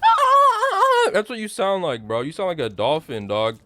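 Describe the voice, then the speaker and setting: A young man reacting live as he plays a game, excitable, yelling at the screen and muttering to himself. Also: mid-range voice, a little fast.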